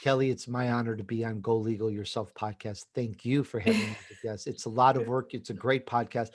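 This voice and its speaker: A man's voice: medium pitch, steady tone, fairly quick. A man with a New York accent, chatting and joking as a podcast guest. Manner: chatty and jokey. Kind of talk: casual interview chat.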